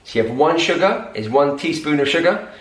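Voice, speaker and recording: A man giving a scripted English lesson, speaking clearly and slowing down to repeat key words. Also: a little high, expressive. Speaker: English teacher. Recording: roomy echo.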